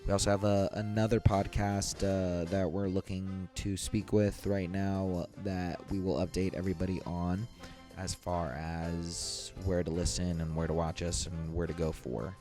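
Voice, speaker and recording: Man, podcast host, low-ish voice, loose rambling chat, faint music behind. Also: little pitch movement, unhurried, mellow. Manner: loose, rambling, pleading asides. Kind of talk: casual podcast clip-show hosting.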